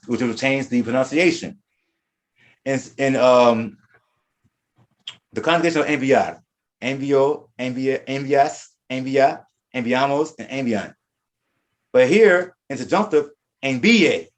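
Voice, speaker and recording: A man teaching a Spanish class, explaining verb forms and often repeating and restarting his words. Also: medium pitch. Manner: reads out verb conjugations one by one. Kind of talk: classroom lesson.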